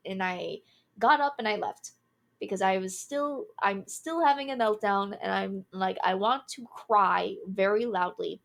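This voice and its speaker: Casting note: twenty-something woman, candid, animated storyteller. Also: mid-range voice. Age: 20s. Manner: animated, candid, laughs through the telling. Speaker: streamer. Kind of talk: casual storytelling.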